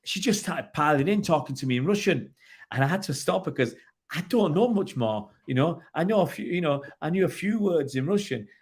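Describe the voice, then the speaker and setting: A man's voice: fairly high pitch, expressive, fairly quick, slightly rough. A middle-aged man from England co-hosting a casual chat, rambling through jokey anecdotes with many restarts. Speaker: co-host.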